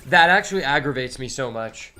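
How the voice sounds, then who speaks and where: A man streaming a card game, commenting live in an excitable, exasperated way and swearing often. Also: mid-range voice, brisk, faint music behind.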